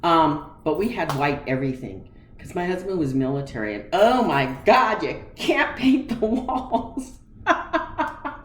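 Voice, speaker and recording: Her voice is deep and the sound roomy as a woman in her forties, at home, shares something personal with open emotion. She performs the remembered exchanges as quoted dialogue, making the retelling animated.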